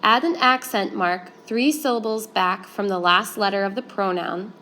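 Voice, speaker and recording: A woman teaching a Spanish grammar lesson, explaining each step in a clear, steady way. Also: medium pitch, moderate pace, a little hiss or hum.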